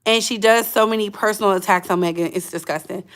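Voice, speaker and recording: A woman's voice: medium pitch, steady tone, quick pace. A woman hosting a livestreamed gossip channel in blunt, chatty casual commentary, talking straight to her chat.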